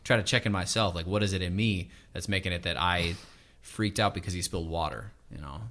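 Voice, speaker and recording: A man's voice: deep voice, a little fast, fairly bright tone. A man in his thirties hosting a casual conversation, reflecting aloud and leaning on "like" as he goes. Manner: reflective, thinks aloud with many "like" fillers. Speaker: podcast host and stay-at-home dad.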